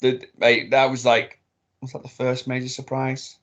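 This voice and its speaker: A man co-hosting a casual podcast, telling a rambling, excitable story with some swearing. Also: mid-range voice, normal speed. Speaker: podcast co-host. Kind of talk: casual chat.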